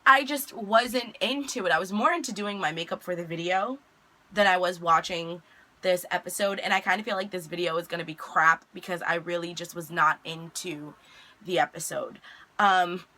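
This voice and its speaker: A young woman chatting casually as she recaps a TV episode, retelling scenes with lively asides and mild exasperation. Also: lowish voice, normal speed.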